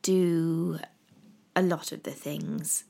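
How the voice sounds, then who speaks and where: Gravelly, low-voiced English woman chatting. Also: steady tone, drawn-out words, mellow. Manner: rambling and chatty with frequent ums. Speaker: vlogger. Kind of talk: casual chat.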